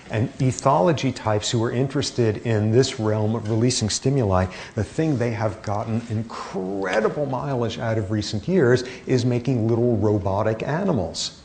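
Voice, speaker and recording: A middle-aged man giving a classroom lecture, animated and joking, his voice jumping higher for emphasis. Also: a little hiss or hum. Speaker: university lecturer.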